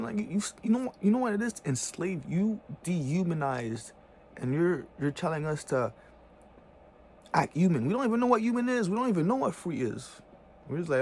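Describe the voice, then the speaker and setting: This vlogger's voice sits high, creaky and a little mellow, with a sing-song lilt at normal speed and slight background noise. His rant is heated and casual, stuffed with profane slang and repeated "bro" and "you know what I'm saying."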